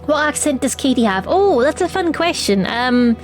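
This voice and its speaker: A woman with a Scottish Highlands accent touched by the Western Isles, chatting casually with her chat while gaming and laughing easily. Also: big pitch swings, moderate pace, faint music behind. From Scotland. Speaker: streamer.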